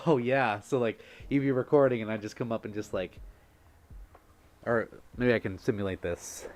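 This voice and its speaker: A man's voice: medium pitch, lively intonation, unhurried. A man hosting a casual livestream, effusive and laughing often as he thanks viewers. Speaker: livestream host.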